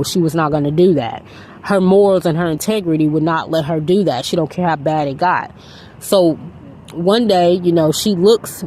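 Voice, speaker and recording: Low-voiced woman retelling a story. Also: a little mellow, slight background noise. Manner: rambling and earnest, with frequent "you know". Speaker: faith vlogger. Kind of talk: casual storytelling, retelling a film.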